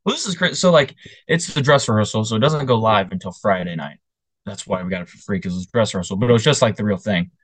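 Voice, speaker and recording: Low-voiced young man telling stories. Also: fast, no echo. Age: young adult. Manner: animated storyteller, puts on voices. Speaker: podcast co-host. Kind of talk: casual chat.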